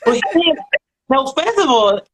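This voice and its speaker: A woman's voice: high voice, big pitch swings, measured pace, rough recording. A British woman hosting a casual live-stream chat, talking in a chatty, effusive, slangy way. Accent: British English. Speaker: host.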